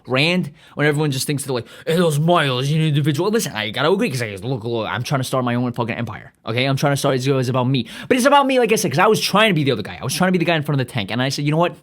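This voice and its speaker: A man's voice: medium pitch, expressive, rapid-fire, few pauses. A man hosting a podcast, ranting in a rambling, profane comedic monologue full of restarts. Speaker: podcast host.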